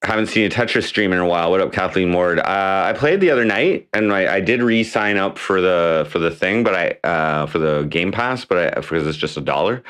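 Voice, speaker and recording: A man's voice: sits low, a little fast, hardly any pauses, a bit bright, clean tone. Rambling, swearing man on a livestream. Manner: rambling and profane, with many restarts. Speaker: livestream host; mayoral candidate. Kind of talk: casual livestream chat. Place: at home.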